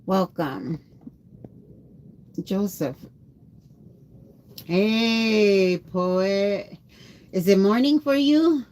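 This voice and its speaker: A woman's voice: mid-range voice, animated, drawn-out words, long pauses, a little mellow, a little hiss or hum. A tired woman livestreamer chatting casually and rambling, greeting her viewers by name. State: tired after a long day.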